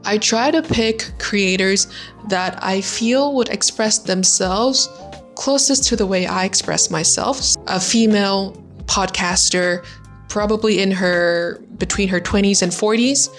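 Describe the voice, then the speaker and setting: Young woman language tutor-vlogger, upbeat and clear, medium-pitched, faint music underneath. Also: lively intonation. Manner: bright and positive, demonstrates sounds slowly. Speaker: language-learning YouTuber. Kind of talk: casual teaching vlog.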